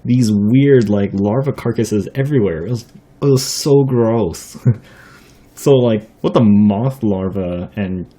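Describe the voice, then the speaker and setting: A young man with a fairly low, husky voice and a soft, dark tone tells rambling stories to camera. He chuckles often, fills gaps with lots of fillers and swears casually. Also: a little slow. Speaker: vlogger. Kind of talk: casual storytelling vlog.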